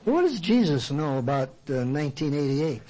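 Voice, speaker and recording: A man's voice: on the high side, sing-song, normal speed, warm tone, low-quality recording. An older man giving a conversational sermon, asking rhetorical questions and acting out his listeners' objections. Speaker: Christian speaker and counselor. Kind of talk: sermon talk.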